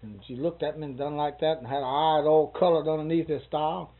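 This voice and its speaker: A man's voice: on the high side, steady tone, brisk. A man, telling a long, rambling story about a doctor's visit with chuckles and quoted dialogue. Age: 60s. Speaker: interviewee. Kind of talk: casual storytelling. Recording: tinny phone-like recording.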